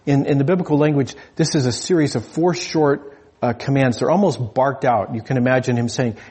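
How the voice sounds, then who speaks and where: A man's voice: medium pitch, brisk, darkish tone, slightly rough. A man preaching a sermon in a conversational, humorous way, often restarting his phrases.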